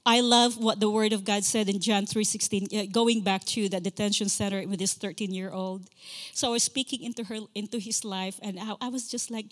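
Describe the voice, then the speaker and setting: A woman preaching a sermon as a guest speaker, impassioned, repeating key phrases and slowing down to stress scripture. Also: mid-range voice, steady tone. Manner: slows to stress scripture lines. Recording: long reverb of a large hall.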